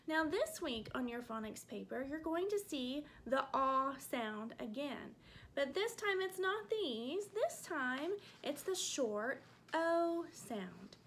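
A woman teaching a remote phonics lesson to first graders, slowly sounding out letters and vowel sounds. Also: high voice, a little hiss or hum. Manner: slow, clearly sounding out letters for small kids.

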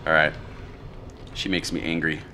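A man casually commentating his own gameplay, thinking aloud in a relaxed way about plans and strategy. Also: very deep voice, moderate pace, slight background noise.

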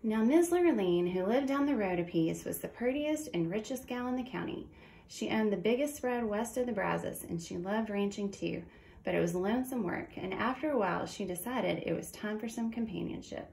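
A woman's voice: medium pitch, lively intonation, normal speed, creaky, darkish tone. A woman reading a children's picture book aloud in a folksy storytelling way. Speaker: storybook reader. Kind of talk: children's read-aloud narration. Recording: echoey room with faint noise.

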